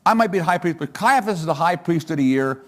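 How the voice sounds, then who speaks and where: An exasperated older high priest brushing off a troublesome prisoner in a casual, fed-up tone, spoken by a male preacher. Lively ups and downs of pitch keep it animated. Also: fast, natural voice. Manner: fed-up, dismissive.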